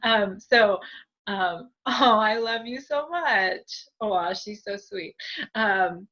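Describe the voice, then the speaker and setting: A woman leading a spiritual group reading as a medium. She talks in a chatty, giggly way, full of fillers and thank-yous, at a middle pitch. The sound is dull and lo-fi. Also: slow, sharp tone.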